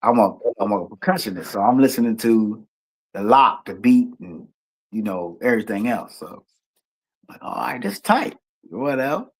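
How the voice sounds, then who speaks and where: A man's voice: lowish voice, normal speed, slightly rough. A middle-aged man with a Washington D.C. accent, telling stories as a guest in a casual, slang-heavy interview and acting out the voices he quotes. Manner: animated, acts out quoted voices, loose slang-heavy talk. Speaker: guest musician.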